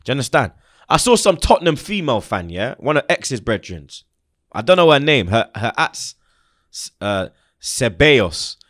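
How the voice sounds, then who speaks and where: A man's voice: mid-range voice, moderate pace, dry recording, studio quality. A young man hosting a heated, slangy football chat and making his points with emphasis. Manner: animated, emphatic, street slang. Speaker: football fan show host.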